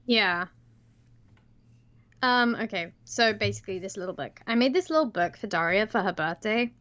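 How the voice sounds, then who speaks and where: A woman's voice: medium pitch, expressive, normal speed, a bit bright. A young woman co-hosting a casual livestream who rambles with many fillers and giggles often, heard through slightly muffled call audio. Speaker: co-host.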